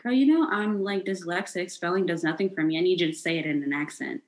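A woman from the United States in casual chat, guessing words with quick, jokey humor. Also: on the low side. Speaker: guesser in a word game. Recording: echoey room.

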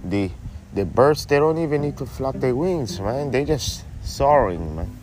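A man voicing an excitable rambling stoner buddy who tags "man" onto almost every phrase, talking outdoors in a backyard. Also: medium pitch, measured pace, slight background noise, voice pushed up. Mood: excited.

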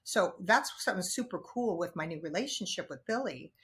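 A woman talking as a podcast guest, telling personal stories frankly and animatedly, jumping from loud outbursts to hushed asides. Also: on the low side, lively intonation, brisk. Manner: frank, casual swearing. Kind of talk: candid conversational storytelling.

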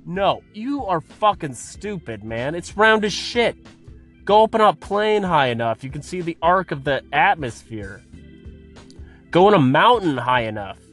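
Man ranting with lively, expressive pitch. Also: measured pace, faint music behind. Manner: exasperated, swears constantly. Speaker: podcast host. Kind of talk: profane comedic rant.

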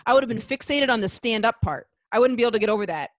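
A host in casual interview chat, quick and joking, with frequent agreeing interjections. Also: mid-range voice, animated, no echo.

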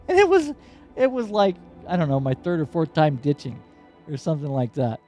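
A man hosting a podcast, telling a personal story in a rambling, animated, profane way. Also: fairly high pitch. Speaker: podcast host.

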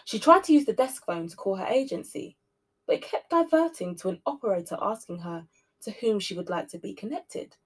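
A woman hosting a podcast, narrating a spooky story with expressive shifts between loud and soft delivery. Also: mid-range voice, brisk, husky. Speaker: podcast host reading a story.

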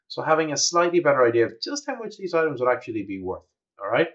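A man's voice: mid-range voice, very animated, very fast, a bit bright. A man running a tabletop game on stream as game master, narrating in an enthusiastic, playful way. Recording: dull lo-fi stream audio.

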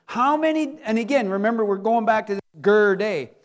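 High-voiced man preaching animatedly. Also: expressive, a little fast. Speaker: pastor. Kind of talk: sermon.

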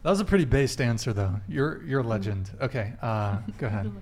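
A man hosting a casual panel discussion, relaxed and hesitant with fillers as he hands the talk to each guest. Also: mid-range voice, a little fast. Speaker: host.

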